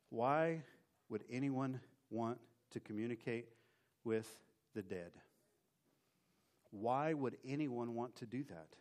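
A man's voice: medium pitch, darkish tone. A man preaching a sermon in church, folksy and conversational, often repeating words as he goes. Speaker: pastor.

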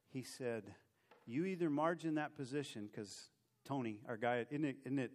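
A man preaching and telling a personal story in a lively way, mocking himself as he acts out the scenes. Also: medium pitch. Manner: animated, self-mocking storyteller who acts out his own story. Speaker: preacher giving a testimony. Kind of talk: sermon storytelling.

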